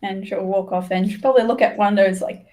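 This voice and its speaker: A woman's voice: mid-range voice, fairly even intonation, quick pace, a little mellow, poor audio. A woman playing a tabletop role-playing game, talking casually and filling her speech with "like". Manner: casual, full of "like" fillers. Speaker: player.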